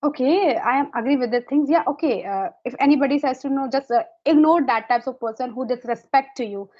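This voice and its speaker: A woman's voice: high-pitched, a little fast, muffled recording. A woman in a casual English practice conversation, asking questions hesitantly with many fillers and restarts.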